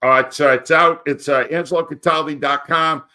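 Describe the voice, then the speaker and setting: A man's voice: on the high side, fairly even intonation, a little fast, bright, forceful tone. A man in his sixties, a retired sports radio host, reminiscing in a casual interview.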